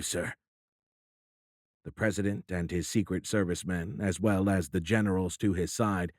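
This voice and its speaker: Low-voiced man narrating an audiobook. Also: no room sound, clean studio sound. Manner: steady, even storytelling. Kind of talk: scripted narration.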